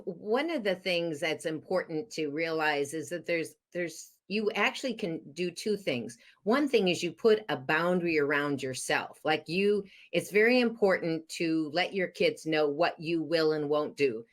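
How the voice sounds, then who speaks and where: Low-voiced woman giving parenting advice. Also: unhurried, few pauses. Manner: earnest, explanatory, frequent "um" and "so". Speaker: divorce coach. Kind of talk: podcast interview advice.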